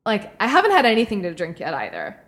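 A woman's voice: mid-range voice, wildly swooping pitch, fast, a bit bright. A young woman co-hosting a podcast, telling a story in a rambling, casual way, full of "like" fillers and the odd swear. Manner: chatty, frequent "like" fillers, swears. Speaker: podcast co-host.

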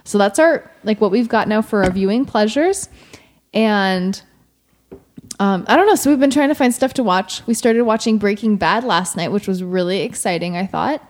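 A woman's voice: mid-range voice, normal speed. A young woman chatting casually with friends, rambling and filling her speech with "like". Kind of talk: casual chat.

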